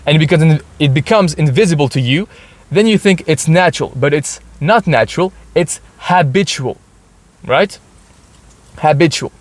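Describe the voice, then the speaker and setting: A man's voice: on the high side, lively intonation, moderate pace. Man talking in his car. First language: French. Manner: ends sentences with "right?", restarts often. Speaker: podcast host. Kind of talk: casual solo podcast monologue. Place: inside his parked car.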